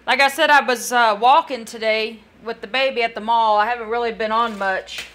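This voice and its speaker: A woman's voice: on the high side, fairly even intonation, fairly quick, fairly bright tone. A woman chatting casually on a live stream, tired and yawning, rambling and talking to chat viewers by name.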